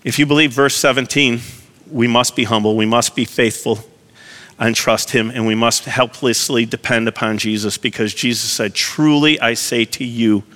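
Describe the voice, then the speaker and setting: A man's voice: mid-range voice, sharp tone, big-room sound. A man preaching a sermon as pastor, earnest, putting direct questions to his congregation.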